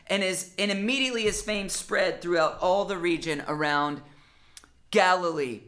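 A pastor preaching a sermon in an animated, conversational way, acting out quotes as he goes. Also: mid-range voice, moderate pace.

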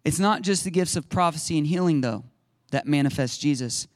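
A man preaching a lively sermon as a pastor, acting out little scenes and laughing now and then. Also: fairly high pitch, fairly quick, dry recording, clean studio sound. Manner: animated, acts out little voices and laughs often.

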